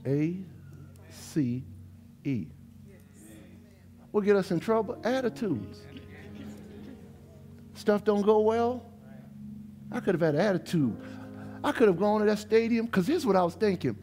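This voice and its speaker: Animated high-voiced New Orleans preacher. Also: male voice, measured pace, long pauses, faint music behind. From New Orleans, USA. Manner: animated preaching, dialect-rich, talks straight to the congregation. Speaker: pastor. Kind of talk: sermon. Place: church sanctuary.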